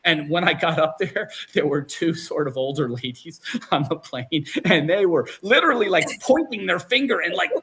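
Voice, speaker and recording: A man hosting a podcast, telling stories in a casual and animated way, often restarting sentences. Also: a little high, normal speed, a little hiss or hum. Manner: animated, acts out quotes, many restarts. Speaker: podcast host. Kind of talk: casual storytelling chat.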